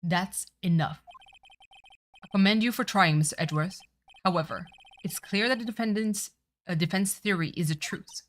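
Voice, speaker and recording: A woman streamer with a medium-pitched voice reads a courtroom game's script aloud at normal speed, voicing each character in turn and tossing in her own sweary asides. Faint music plays in the background.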